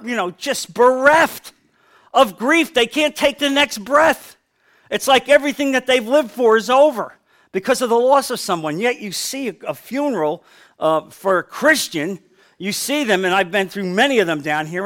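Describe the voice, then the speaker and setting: A middle-aged male pastor from New Jersey preaching a sermon, swinging from loud to quiet with emphasis. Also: high-pitched, expressive, moderate pace.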